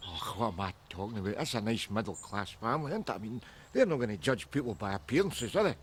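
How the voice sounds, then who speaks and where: A man's voice: lowish voice, sing-song, fast, a little hiss or hum. A sarcastic Glasgow man. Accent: Glaswegian. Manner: sarcastic, mocking. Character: sarcastic scruffy Glasgow man, middle-aged, mocking. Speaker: lodger in a politician's home. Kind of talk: sitcom acting.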